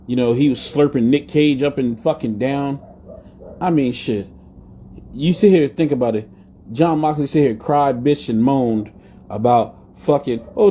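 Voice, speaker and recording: A man's voice: a little high, mellow, slight background noise. A man hosting a live wrestling talk show in a blunt, profane, rambling way. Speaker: podcast host. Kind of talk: casual live-stream rant.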